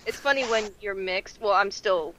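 A woman's voice: mid-range voice, moderate pace, sharp tone, a little hiss or hum, rough recording. A woman co-hosting a podcast, chatting casually and laughing often at herself. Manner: laughs often, self-deprecating. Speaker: podcast co-host. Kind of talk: casual chat.

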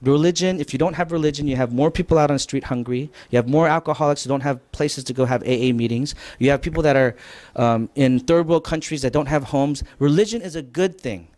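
A man preaching a conversational church lecture, mostly relaxed but rising to emphatic points. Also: fairly high pitch. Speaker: pastor. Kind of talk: sermon lecture.

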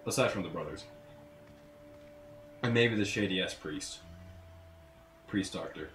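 A man giving casual gameplay commentary, crude and full of swearing, with sudden loud outbursts. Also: low-pitched, slow pace. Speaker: let's play gamer. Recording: roomy echo, faint noise.

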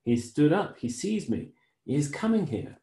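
Dazed young man, wondering aloud, soft and mellow, as a man reads him. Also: on the high side, huge pitch swings, normal speed, echoey room, voice pushed up. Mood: bewildered. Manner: bewildered, questioning.

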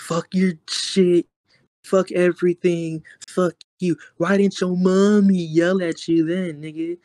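A man's voice: sits high, level tone, slow pace, a little mellow, no room sound, studio quality. A young man mocking a cursing teen. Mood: ranting. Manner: profane ranting. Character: angry teenage boy cursing on a livestream.

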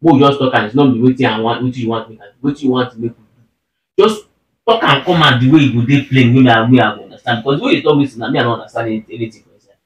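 A man's voice: mid-range voice, very fast, muffled recording. Insistent Nigerian man speaking Pidgin. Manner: insistent, keeps demanding plain explanations in Pidgin. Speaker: husband. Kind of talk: casual argument between spouses. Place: room at home. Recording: roomy and distant.

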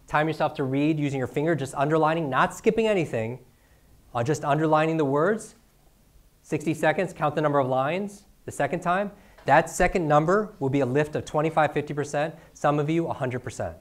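With a fairly high voice and a fairly quick pace, a middle-aged man runs an energetic live seminar on speed reading, peppering the audience with rhetorical questions and tagging lines with "right?".

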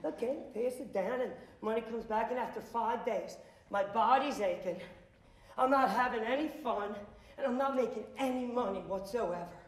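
A man with a high voice speaks as a motivational speaker to a school audience. He acts out the dialogue as he tells his stories and breaks into loud shouts now and then. His voice rings around an echoey school hall. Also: normal speed. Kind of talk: animated storytelling to students. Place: school auditorium.

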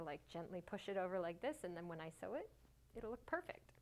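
A woman's voice: medium pitch, brisk, slight background noise. Chatty woman demonstrating sewing steps. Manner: chatty, self-mocking, bursts of excitement. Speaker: sewing tutorial host.

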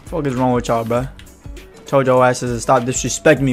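A man's voice: medium pitch, steady tone, fairly quick, soft background music. A man doing casual gameplay commentary, hyped and trash-talking in profane banter. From Louisiana, USA. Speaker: gaming YouTuber.

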